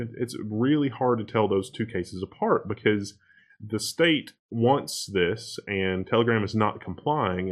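A man co-hosting a podcast, reading out tech news in a casual, animated and exasperated way. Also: fairly low pitch. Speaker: podcast co-host.

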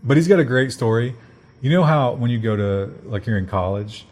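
A man's voice: medium pitch, expressive, brisk, a little mellow. An American man co-hosting a casual news chat, talking with wry joking asides. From United States. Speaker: podcast co-host.

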